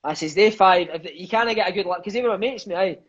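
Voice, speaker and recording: A man's voice: sits high, dull audio. A Scottish man in his thirties, a podcast guest telling stories in casual chat, swearing freely and peppering his talk with "mate" and "aye". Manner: swears freely, fills lines with "mate" and "aye", quick enthusiastic storyteller.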